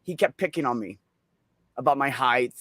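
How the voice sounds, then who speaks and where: A man telling a funny story in a casual, profane, animated way at an open mic. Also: mid-range voice, moderate pace, dry recording, studio quality.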